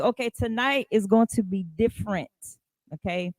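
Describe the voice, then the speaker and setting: Brief: woman podcast host, casual and animated, mid-pitched, dry close sound. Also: moderate pace, no room sound. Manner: chatty, greets live viewers by name. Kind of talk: casual live podcast chat.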